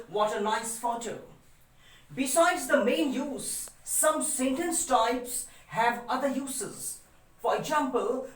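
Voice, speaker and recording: Woman, earnest repeating grammar teacher; higher voice, distant mic in an echoing room. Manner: repetitive, earnest explaining, stressing rules. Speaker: English teacher. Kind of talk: classroom lecture on grammar. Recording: roomy sound, voice away from mic.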